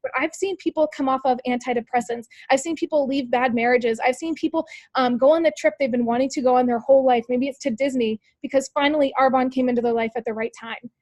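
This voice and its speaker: A woman's voice: high-pitched, fairly even intonation, quick pace, hardly any pauses, a little mellow, dry recording. A woman leading a motivational team call, upbeat and coaching, talking straight to her listeners with lots of rhetorical questions. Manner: upbeat, peppy coaching, full of "like" and "you guys". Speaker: team leader on a sales call.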